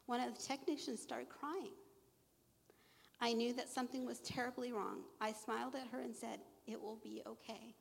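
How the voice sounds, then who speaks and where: A woman's voice: fairly high pitch, steady tone, moderate pace, creaky. A middle-aged woman sharing her faith testimony, earnest and emotional, quoting scripture to a live audience. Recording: long echo of a large hall.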